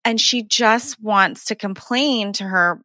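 A woman hosts a casual chat with a bright, clear voice. She tells a story in a relaxed, agreeable way. The recording is dry, with no room sound. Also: medium pitch, takes it slowly, dry recording. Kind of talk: casual conversation.

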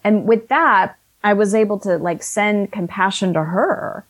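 A woman's voice: medium pitch, unhurried. A woman in her fifties, an author and life coach, telling a personal story in an earnest, conversational way with frequent restarts.

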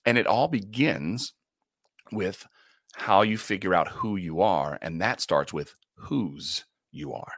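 A man who hosts a radio morning show, a guest in an interview, telling faith stories in an earnest, animated way, often restarting and laughing. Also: sits low, slow pace, dry recording, clean studio sound. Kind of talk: faith-centered interview storytelling.

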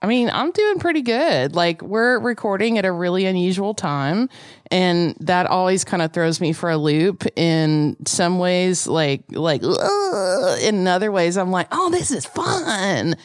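A woman's voice: lowish voice, measured pace, dry recording, clean studio sound. A woman co-hosting a podcast in casual chat, rambling and hesitant with many fillers. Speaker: podcast co-host.

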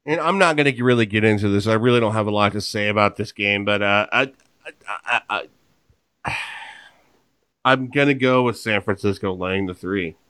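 A podcast host with a lowish, smooth, slightly bright voice talks at a normal speed about his football picks. The sports chat is casual and rambling, full of jokes, and he keeps cutting himself off.

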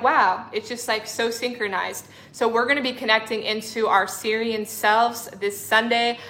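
Young woman spiritual coach livestreaming, gushy and sweet with viewers, bright tense voice. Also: fairly high pitch. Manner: effusive, affectionate, calls viewers honey and sister. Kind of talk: livestream talk reading chat comments.

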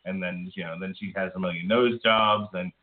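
A man's voice: deep voice, steady tone, normal speed. A man co-hosting a casual podcast, joking, teasing and rambling between announcements. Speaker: podcast co-host. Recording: tinny phone-like sound in an echoey room.

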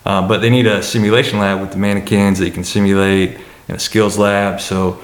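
A man's voice: deep voice, flat delivery, brisk, roomy sound. A man who works as a college administrator, answering questions on a panel in a hesitant way, with many fillers and restarts.

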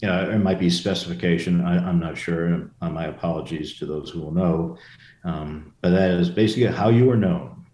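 Deep-voiced older man telling stories. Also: moderate pace, mellow. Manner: rambling, with many restarts and asides. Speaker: former Marine aviator guest. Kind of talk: casual interview storytelling. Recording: roomy echo.

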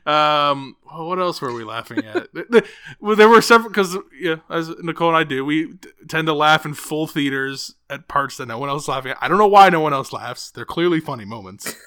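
A man chatting casually on a podcast, his voice sitting a little high with a bright, forceful edge. He restarts and corrects himself often and gets animated telling stories. The sound is close and dry. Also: brisk, no echo. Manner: rambling, self-correcting, animated. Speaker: podcast co-host. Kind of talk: casual chat.

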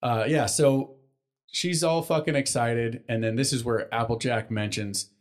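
A man's voice: mid-range voice, steady tone. Profane young man recapping a cartoon. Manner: profane, rambling, acts out characters in quick voices. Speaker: podcast co-host. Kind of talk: casual podcast chat recapping a cartoon episode.

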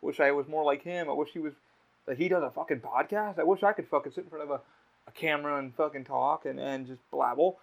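His voice is fairly high and gravelly, a little fast but broken up by long pauses. The young man hosts a laid-back podcast, spinning rambling, swear-heavy stories over dull lo-fi audio.

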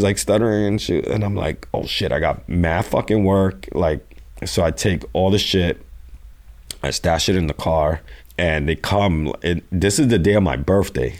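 A man with an extremely low voice tells a long story in a casual interview. He talks loosely and profanely, and he often acts out what other people said. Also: moderate pace, darkish tone. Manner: profane, rambling, acts out quotes. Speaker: guest.

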